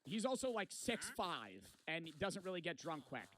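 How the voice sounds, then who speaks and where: A man's voice: high voice, big pitch swings, normal speed, fairly bright tone, a little hiss or hum. A young man casually telling a long vacation story, rambling and swearing a lot and often tagging lines with "right?". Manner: rambling, profane, repeats "right?". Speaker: vlogger.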